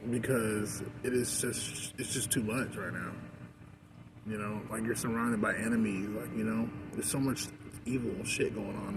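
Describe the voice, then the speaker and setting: Rambling man venting outdoors. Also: on the low side. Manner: rambling, frequent "like" and "you know". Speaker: vlogger. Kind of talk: casual rant. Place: outdoors in a park. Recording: noisy outdoor recording. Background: outdoor ambience and passing vehicles.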